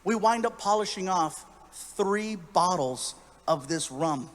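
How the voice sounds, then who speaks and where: A man telling a story on stage in stand-up, animated and acting out other people's voices. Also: sits high, slow pace. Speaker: stand-up comedian.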